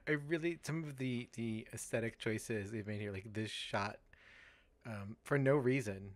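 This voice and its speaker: A woman's voice: a bass voice, unhurried, dry recording. A woman hosting a let's play, commenting casually with incredulous, laughing asides.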